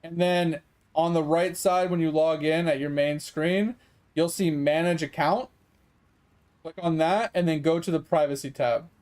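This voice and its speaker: A man's voice: on the high side, steady tone, unhurried, darkish tone. A young man giving casual gameplay commentary as a streamer, frustrated and swearing while he talks to his chat. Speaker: gaming streamer.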